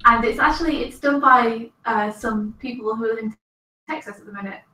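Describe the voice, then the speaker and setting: A woman's voice: fairly high pitch, moderate pace, bright, forceful tone. A woman chatting casually on a live stream with brief, amused reactions. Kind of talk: casual chat. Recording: distant echoey mic with faint noise.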